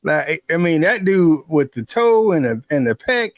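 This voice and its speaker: A middle-aged man and father co-hosting a sports podcast, talking in a relaxed, reflective way. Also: a little high, a little slow, no room sound, studio quality. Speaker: podcast co-host. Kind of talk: casual sports chat.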